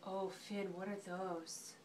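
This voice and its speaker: A woman reading a picture book to a toddler in a home video, speaking slowly and encouragingly, with frequent excited gasps, at home. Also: medium pitch, noisy background. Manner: slow, sing-song and encouraging, with frequent gasps.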